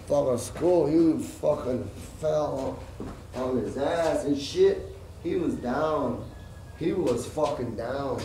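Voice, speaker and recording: A middle-aged man, talking in a rambling, profane monologue that jumps from loud outbursts to low mutters. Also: slow pace, a little hiss or hum. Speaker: vlogger.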